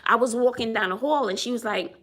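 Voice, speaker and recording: A woman's voice: on the high side, a little fast, fairly bright tone. A woman who is a teacher, chatting casually to viewers on a phone livestream, laughing often and greeting people as she tells a story.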